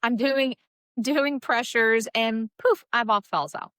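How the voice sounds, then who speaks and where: A woman's voice: slow pace, clear, resonant tone, dry recording, clean studio sound. A woman, a nurse practitioner telling emergency room stories in casual chat, acting out quoted people with big jumps in her voice. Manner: animated, acts out quotes with big pitch jumps.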